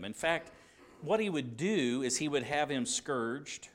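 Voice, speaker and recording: A man's voice: a little high, lively intonation, measured pace. A man preaching a sermon at a church service, emphatic and repeating key phrases, acting out quoted dialogue with drama.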